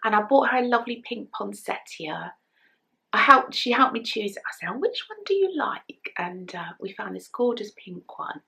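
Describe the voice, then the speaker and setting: Speaking soft and chatty in a knitting vlog, this middle-aged Englishwoman is close to tears, her voice frequently falling to a whisper. She has a medium-pitched, creaky voice at normal speed.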